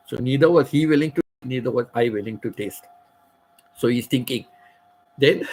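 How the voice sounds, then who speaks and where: A man's voice: mid-range voice, normal speed, breathy edge, low-quality recording. A middle-aged man, casually telling a personal story as a channel host, rambling and repeating phrases. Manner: rambling, repeats phrases, laughs at his own stories.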